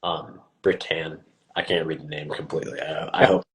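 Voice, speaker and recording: A young man with a low, deep voice hosts a casual live stream as a fitness coach. He tells his stories with animation and puts on quoted voices with a rising pitch. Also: little pitch movement, moderate pace, fairly bright tone.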